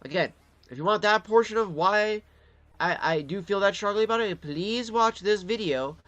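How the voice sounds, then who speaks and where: A vlogger from Detroit, Michigan, tells a story in a loose, casual monologue, swearing freely and performing the voices of the people he quotes. His voice is high-pitched and a bit bright, and he talks at a normal speed.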